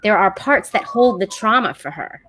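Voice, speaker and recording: A woman at mid pitch co-hosting a casual podcast. She talks with eager enthusiasm, rambling along and restarting her sentences often. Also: expressive, moderate pace, noisy background. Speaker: podcast co-host. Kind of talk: casual chat.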